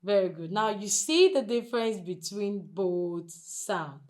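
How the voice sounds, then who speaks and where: A woman with a Nigerian English accent teaching a phonics lesson, drilling sounds slowly and asking the class to repeat after her. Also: mid-range voice. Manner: slow, deliberate drilling, stretching model sounds loudly.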